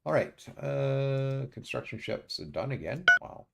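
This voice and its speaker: A man streaming a strategy game, muttering his moves to himself and often pausing with uhs. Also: mid-range voice, lively intonation, vocal fry, very noisy. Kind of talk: casual let's-play commentary.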